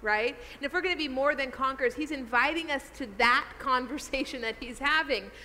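A woman pastor giving a lively, conversational sermon, talking to the congregation in a church hall. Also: high-pitched, a little fast, a little hiss or hum. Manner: animated, conversational preaching.

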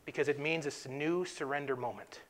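A man from North Dakota co-hosting a faith-based talk, telling a story with lively voice play and frequent laughs. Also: fairly high pitch, fairly quick. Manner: animated storyteller, laughs often. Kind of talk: faith-based podcast chat.

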